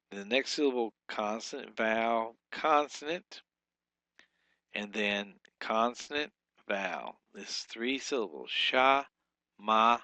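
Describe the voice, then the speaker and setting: A man teaching a recorded Hebrew grammar lesson, explaining rules step by step with frequent pauses and restarts. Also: on the low side, bright, forceful tone, dry recording.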